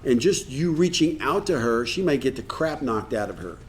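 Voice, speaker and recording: A man's voice: medium pitch, expressive, moderate pace, slight background noise. A man leading a recovery workshop in a meeting room, talking earnestly and acting out bits of dialogue. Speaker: workshop speaker.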